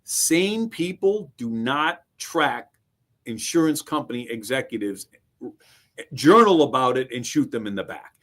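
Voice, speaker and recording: A middle-aged man with a mid-range voice co-hosts a casual true-crime talk show. He speaks as a trial lawyer, measured and explanatory. Now and then he tells his own courtroom anecdotes. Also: mid-range voice, animated, a bit bright. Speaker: podcast co-host, trial lawyer. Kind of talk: casual legal commentary.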